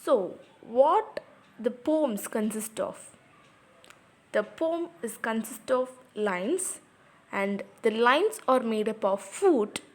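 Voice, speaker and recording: A woman with a slightly high voice teaches a poetry lesson, explaining patiently and saying example words aloud. Her English shows non-native grammar.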